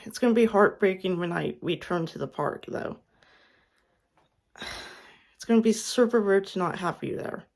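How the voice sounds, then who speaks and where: A woman's voice: mid-range voice, creaky. A young woman giving an emotional farewell message, close to tears, sighing and restarting her sentences often. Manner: halting, tearful, many restarts and sighs. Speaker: fan vlogger.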